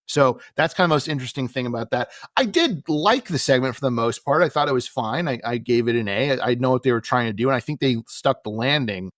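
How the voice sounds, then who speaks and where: A man's voice: mid-range voice, expressive, quick pace, few pauses, fairly bright tone, no room sound. A man co-hosting a casual podcast, recapping events with dry, wry sarcasm. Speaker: podcast co-host.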